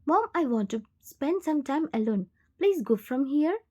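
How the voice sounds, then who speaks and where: A woman's voice: high-pitched, lively intonation, measured pace, a little mellow. A woman reading a heartbroken young woman. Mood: upset. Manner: tearful, accusing.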